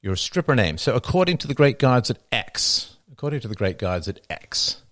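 A man's voice: mid-range voice, very animated, normal speed, fairly bright tone. A middle-aged man hosting a livestream, reading viewer comments aloud and answering them with dry, wry jokes. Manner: dry joking, wry asides. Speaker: livestream host.

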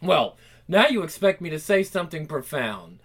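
A man's voice: fairly high pitch, very animated, normal speed. A man reading a comic aloud, voicing a rebellious, sarcastic young woman who talks in dry, mocking wisecracks.

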